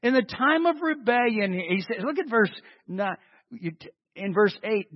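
A man preaching a sermon in a large church hall, animated and full of rhetorical questions. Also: high voice, moderate pace. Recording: dull lo-fi with long hall reverb.

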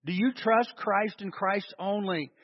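In an unhurried, high-pitched voice, a man preaches a sermon, putting strong stress on individual words. His rhetorical questions are ones he answers on his own. Hall echo and dull lo-fi sound color the clip.

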